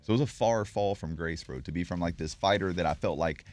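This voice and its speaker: Deep-voiced man telling his story. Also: fast, darkish tone. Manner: earnest, swears on things. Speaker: guest, MMA promoter. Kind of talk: personal storytelling.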